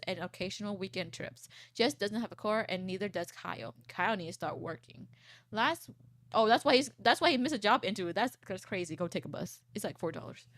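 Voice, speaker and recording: A woman in her twenties, a VTuber, chatting casually and reading posts aloud on stream, rambling and swearing, with a froggy, croaky low voice. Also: no echo, studio quality. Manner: rambling, swears, laughs often.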